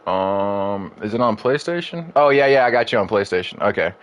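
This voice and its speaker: A man's voice: lowish voice, expressive, moderate pace. A man streaming a football video game, chatting casually with viewers and his opponent, full of fillers and loose asides. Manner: rambling, filler-heavy, friendly asides to viewers. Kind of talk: casual gaming stream chat. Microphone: desk mic in a home streaming room.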